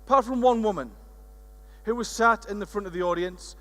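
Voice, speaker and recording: A British man from the United Kingdom giving a lively, playful keynote on stage in a large conference hall, working the crowd as he tells a story. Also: extremely high pitch, a little fast. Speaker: keynote speaker.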